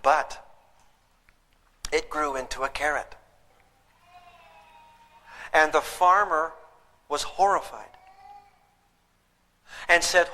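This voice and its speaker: A man's voice: a little high, takes it slowly, long pauses, pushed and bright, slight background noise. An older man giving a live parenting lecture, telling stories emphatically and putting questions to his audience. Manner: asks the audience rhetorical questions; storytelling, emphatic. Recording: long hall reverb.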